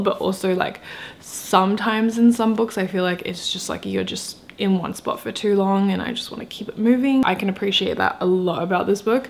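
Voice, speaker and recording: A young woman chatting casually in a vlog about books, rambling and enthusiastic with lots of filler words. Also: mid-range voice. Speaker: book vlogger.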